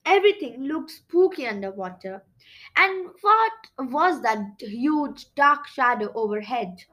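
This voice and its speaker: A woman reads a children's chapter book aloud in a high, bright voice. Her telling is playful and expressive, with pitch swooping freely through each sentence. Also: takes it slowly. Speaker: storybook narrator.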